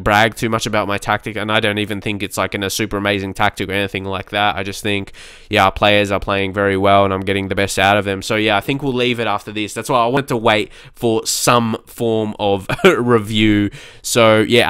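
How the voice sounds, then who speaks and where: A man's voice: mid-range voice, fairly bright tone, smooth, no room sound, studio quality. A man with a non-English accent, casually commenting on his football management game, rambling and often laughing. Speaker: gaming YouTuber.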